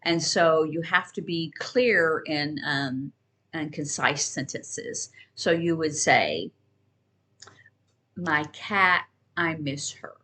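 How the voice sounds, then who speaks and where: A woman teaching sign language, explaining in a casual, conversational way with pauses and restarts. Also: deep voice, pushed and bright. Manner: conversational, with fillers and restarts, shifting between quick and slow. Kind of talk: casual instructional talk.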